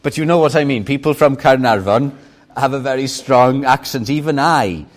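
This Sunday morning preacher, whose first language is Welsh, speaks in a medium pitch. He is a slow, expressive storyteller who presses hard on important words.

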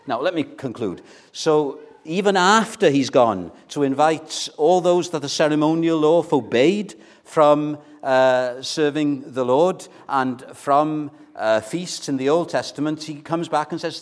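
A man preaching an evangelistic sermon, earnest and pleading, building to forceful appeals. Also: on the high side, a little slow, few pauses.

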